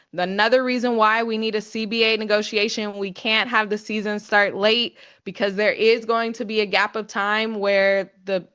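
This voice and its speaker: A woman giving quick, talkative sports commentary, laughing lightly between points. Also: mid-range voice, pushed and bright, clean tone, muffled recording. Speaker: sports writer.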